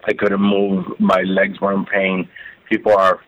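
A man telling his own story as an interview guest, halting and repeating words as he recounts it. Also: deep voice, completely flat delivery, a bit bright. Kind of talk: emotional first-person testimony. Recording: phone-like narrow band.

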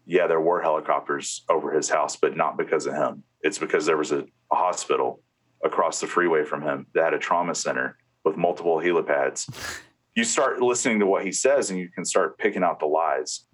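A man's voice: very deep voice, a little fast. A man, a former head of security, being interviewed and recounting meetings at length, with fillers and restarts. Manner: retells conversations in quoted speech, with restarts and fillers. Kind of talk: telling a story in an interview.

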